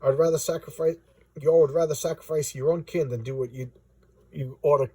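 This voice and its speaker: Stern drawling hillbilly wanderer, read by a man, husky and folksy. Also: on the high side, steady tone, brisk, a little mellow, no room sound. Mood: scolding.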